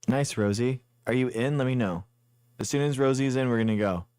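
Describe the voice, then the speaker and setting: A man's voice: medium pitch, a little fast, darkish tone, clean tone, no room sound, clean studio sound. A man streaming a guessing game live, rambling and thinking aloud as he plays. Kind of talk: casual live game commentary.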